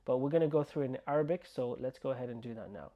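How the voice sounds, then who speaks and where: A man teaching an online language lesson, slowly repeating words and sounds for the learner to copy. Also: mid-range voice, dull audio. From United Kingdom. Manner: slow, repeating words and sounds to drill pronunciation. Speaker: Arabic teacher.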